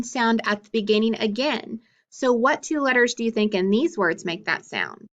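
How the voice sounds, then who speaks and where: A woman teaching a phonics lesson to children, encouraging them to repeat after her and spelling out letters clearly. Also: medium pitch, fairly bright tone, dull audio. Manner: slow, clearly spelled-out drilling of letters and sounds.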